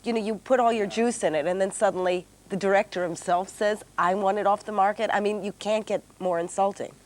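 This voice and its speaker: A woman's voice: medium pitch, fairly even intonation, a little fast. A woman hosting a chat show, firing blunt questions and brash remarks that include swearing.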